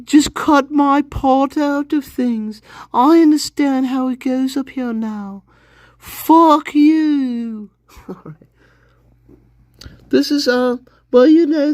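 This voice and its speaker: A woman's voice: high-pitched, no echo. A woman doing a furious, foul-mouthed kidnapped mother. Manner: furious, profane shouting rant. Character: foul-mouthed abducted mother ranting from her tomb. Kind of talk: comedic impression on a livestream.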